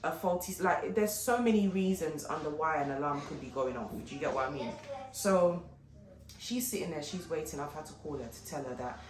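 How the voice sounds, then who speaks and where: A woman vlogger telling a story in a casual, animated way, often turning to her viewers. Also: deep voice, brisk. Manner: animated, chatty retelling with frequent asides to viewers. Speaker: fashion and lifestyle vlogger. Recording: echoey room with faint background noise.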